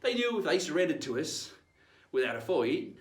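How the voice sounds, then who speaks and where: A man's voice: fairly high pitch, very animated, moderate pace. A man presenting a playful in-character history lesson as a pirate captain, tagging nearly every line with "right?". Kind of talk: in-character educational talk. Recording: echoey room, mic at a distance.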